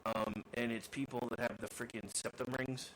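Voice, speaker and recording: A man's voice: medium pitch, little pitch movement, normal speed, a bit bright, slight background noise, low-quality recording. A man co-hosting a radio talk show, rambling and correcting himself as he chats. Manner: rambling, self-correcting chatter. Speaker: co-host. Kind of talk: casual chat.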